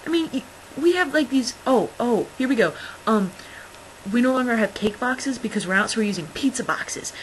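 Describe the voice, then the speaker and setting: A woman's voice: fairly high pitch, lively intonation, normal speed, a little hiss or hum, rough recording. Young woman vlogging, rambly, lots of ums and likes, kinda wry and fed up. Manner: rambling, filler-heavy storytelling; wry, exasperated complaining. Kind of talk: casual chat.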